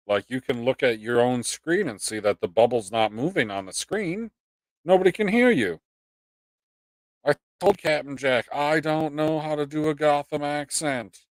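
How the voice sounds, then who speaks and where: A man hosts a casual live stream from a desktop mic, ranting animatedly and swearing as he acts out mock quotes. His voice sits at a middle pitch and sounds close and dry, with no room around it. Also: dry recording, rough recording. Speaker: host of a live pop culture stream.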